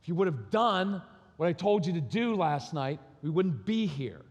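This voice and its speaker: A middle-aged man giving a lively, self-deprecating parenting talk at a live conference, telling stories and acting out voices. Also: on the high side, normal speed. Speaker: parenting speaker. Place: large hall at a live conference. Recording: long reverb of a large hall.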